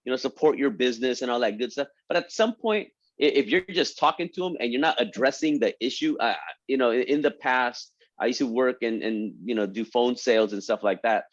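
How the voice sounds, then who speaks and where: A man with a mid-pitched voice hosts a conversational interview, enthusiastic and speaking straight to his viewers. His sound comes through muffled and lo-fi. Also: a little fast, hardly any pauses. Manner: enthusiastic, addresses the audience directly. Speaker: interview host. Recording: dull lo-fi sound.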